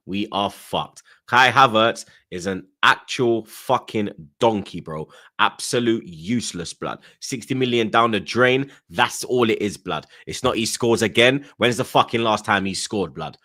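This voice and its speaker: A man's voice: on the low side, moderate pace, few pauses, sharp tone. A young man, hosting a football podcast and ranting angrily, swearing, with repeated slang tags. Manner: angry, sweary, repeats "blood" and "you get me". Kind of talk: ranting casual chat.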